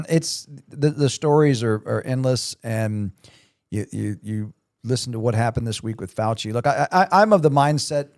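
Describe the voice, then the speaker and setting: A man co-hosting a podcast, talking in a measured, conversational way. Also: medium pitch, a little mellow, dry recording, studio quality. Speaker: podcast co-host. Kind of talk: casual podcast chat.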